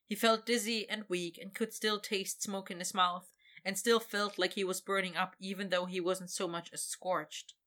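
Bright-voiced woman reading a story. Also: medium pitch, moderate pace. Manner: expressive, voices characters. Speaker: narrator. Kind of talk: reading a fantasy story aloud.

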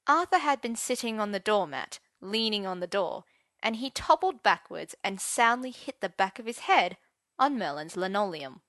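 A woman reading a romance story aloud, expressive and switching voices for each character. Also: medium pitch, moderate pace, no echo, studio quality. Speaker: narrator. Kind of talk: audiobook narration of romance fiction.

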